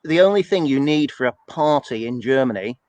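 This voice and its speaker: A man's voice: medium pitch, lively intonation, fairly quick, darkish tone, dry recording, rough recording. A man co-hosting a church's weekly show, chatting casually and rambling along in a self-deprecating way. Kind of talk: casual chat.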